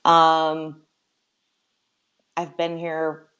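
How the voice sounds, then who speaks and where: Brief: low-pitched, slow-talking woman from Minnesota, soft-spoken interview guest. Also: completely flat delivery, muffled recording. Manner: soft-spoken, hesitant with many ums. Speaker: guest, medical esthetician. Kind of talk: personal storytelling interview.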